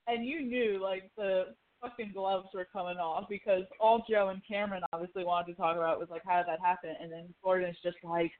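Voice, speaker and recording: A woman co-hosting a casual chat about a TV show, excitable and swearing as she retells scenes. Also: mid-range voice, brisk, hardly any pauses. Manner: excitable, swearing, laughing asides. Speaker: podcast co-host. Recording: tinny phone-like line.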